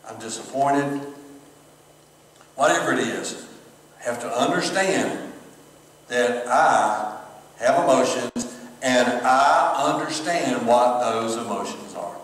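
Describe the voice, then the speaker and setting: A pastor preaches in a loose, chatty way, throwing asides to his online viewers. His voice sits at an ordinary man's pitch and is picked up from far away. A long, booming reverb fills the church sanctuary around him. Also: a bit bright. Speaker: pastor and former chaplain. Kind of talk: sermon. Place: church sanctuary, streamed service. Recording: very echoey hall from far off.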